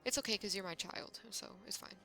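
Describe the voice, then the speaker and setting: A woman's voice: medium pitch, fairly quick, gravelly, pushed and bright, faint music behind. A young woman streaming a game, chatting casually and teasing the characters on screen. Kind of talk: casual gameplay commentary.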